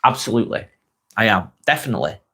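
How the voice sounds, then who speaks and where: Chatting casually with viewers on a live vlog from a spare bedroom, this man from England reads comments, rambles, repeats himself, and fills gaps with ums. Captured on a wireless clip-on mic, his lowish voice is very animated, fast, bright, and forceful, with a breathy edge.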